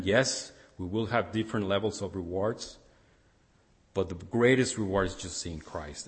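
A man's voice: low voice, long reverb tail. A man preaching a sermon as pastor, earnest, often repeating and restarting phrases for emphasis.

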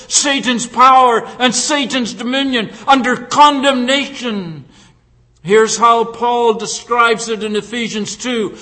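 A high-pitched male pastor preaches at a slow, measured pace, pressing the congregation with rhetorical questions. His voice rolls out into the long reverb of a church sanctuary. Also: pushed and bright. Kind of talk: sermon. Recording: long reverb in a large hall.

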